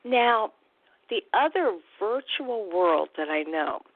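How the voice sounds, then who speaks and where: A woman's voice: medium pitch, lively intonation, slow, a little hiss or hum. A woman hosting a radio talk show as a recovery coach, chatty and upbeat, with casual fillers. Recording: tinny phone-line sound, dry.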